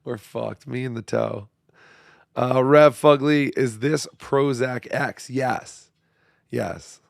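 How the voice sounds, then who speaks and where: A hoarse man who is losing his voice hosts a casual livestream chat, reading viewer messages in a profane, mumbling, self-deprecating way. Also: mid-range voice, takes it slowly, no room sound, studio quality. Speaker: show host.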